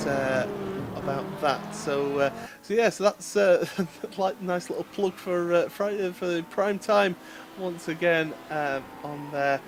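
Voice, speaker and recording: Guy calling a sim race, high voice, lots of uhs, engines roaring behind. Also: a little slow. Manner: chatty, many fillers, laughs easily. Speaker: race commentator. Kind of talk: live sim racing commentary. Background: race car engine noise.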